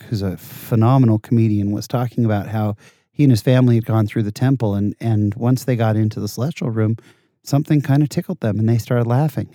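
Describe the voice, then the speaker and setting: A man in casual conversation as a guest, telling animated, self-deprecating anecdotes. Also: mid-range voice, dry recording, clean studio sound.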